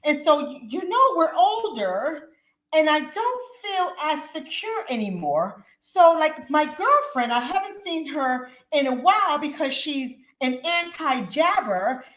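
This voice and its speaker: A woman voicing a worried older woman who speaks in a slow, high, fretful, pleading way. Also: very animated, a bit bright, exaggerated voice. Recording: roomy echo.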